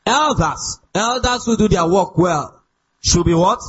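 A man's voice: high voice, lively intonation, a little slow, a bit bright, highs cut off, a little hiss or hum. A male pastor preaching a sermon, emphatic and often putting questions to the congregation.

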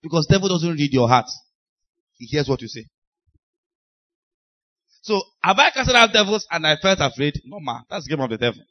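A man preaching a sermon, telling deliverance stories with laughs and sudden shouted lines. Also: on the high side, normal speed, long pauses. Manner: animated storytelling, laughing, shouting bursts. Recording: dull lo-fi recording.

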